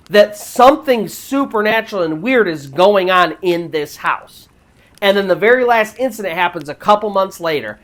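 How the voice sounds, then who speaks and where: Chatty woman telling a spooky tale. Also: mid-range voice. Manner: chatty retelling with frequent "like" fillers. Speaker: storyteller host. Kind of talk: casual narration of a true paranormal story.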